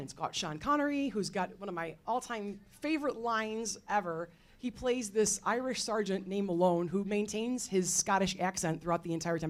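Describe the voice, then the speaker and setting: A woman history teacher speaking on a faculty panel, telling her points in a lively, expressive way with casual fillers. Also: lowish voice. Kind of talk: panel talk.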